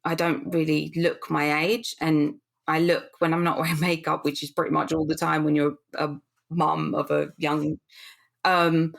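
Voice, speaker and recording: A woman's voice: sits low, flat delivery, moderate pace, vocal fry. A woman in her thirties, a podcast guest, telling her story candidly and earnestly, often restarting and acting out what people said. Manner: earnest, rambling with restarts and reenacted quotes. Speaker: podcast guest, business founder.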